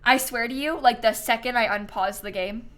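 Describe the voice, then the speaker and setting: A woman's voice: a little high, normal speed, a bit bright. A woman livestreaming a game, chatting casually and telling stories with frequent laughter. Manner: chatty storyteller, laughs often. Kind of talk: casual gameplay stream chat.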